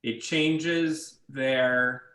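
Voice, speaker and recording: A man's voice: mid-range voice, fairly even intonation, drawn-out words, bright, forceful tone, reverberant, poor audio. A man teaching a university class, explaining ideas step by step and checking in with his students. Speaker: university instructor. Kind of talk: classroom lecture.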